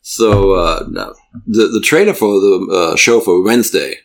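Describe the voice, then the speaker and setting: A man's voice: fairly low pitch, lively intonation, normal speed. A man from Germany with a German accent, hosting a casual podcast chat and telling rambling stories in a stop-start way. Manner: rambling, stop-start storytelling with frequent laughs. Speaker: podcast host.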